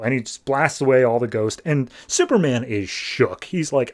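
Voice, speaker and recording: A man co-hosting a podcast, loosely recapping a comic issue in a chatty, filler-heavy way with quick paraphrased character asides. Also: medium pitch, a little mellow. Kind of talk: casual comic-book recap.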